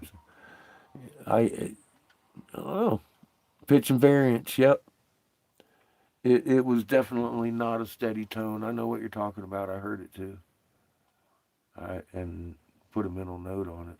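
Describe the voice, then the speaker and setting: A man's voice: low voice, vocal fry, dark tone, no echo. A man hosting a livestream, rambling and profane in casual chat, often breaking into laughter. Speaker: livestream host.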